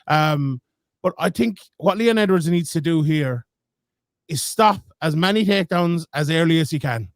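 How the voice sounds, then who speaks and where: Man, higher pitch, thoughtful casual chat, stop-start phrasing, dry sound. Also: expressive, normal speed, dry recording. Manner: thoughtful, restarts and hedges as he reasons aloud. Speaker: podcast co-host. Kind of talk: casual sports analysis chat.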